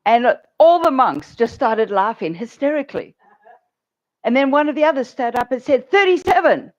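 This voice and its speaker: A woman minister giving a sermon, telling stories in an animated way and laughing often. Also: fairly high pitch, moderate pace, lo-fi sound.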